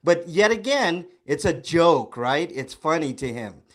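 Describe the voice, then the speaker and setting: A man's voice: on the high side, lively intonation, measured pace, fairly bright tone. A man in a heated online panel debate who sounds exasperated and blunt, cutting another speaker off to make his case.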